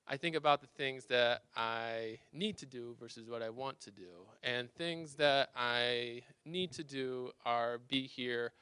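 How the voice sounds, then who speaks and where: Bright, clear-voiced man telling a story. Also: medium pitch, dry recording. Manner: chatty, self-deprecating, many quick restarts. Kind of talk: live personal storytelling. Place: campus lounge storytelling event.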